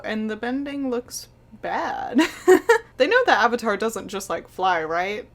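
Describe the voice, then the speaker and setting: A woman's voice: a little high, animated, unhurried, fairly bright tone, low-quality recording. A young woman in her twenties, an animator, giving a casual video review in an incredulous, sarcastic way, often laughing.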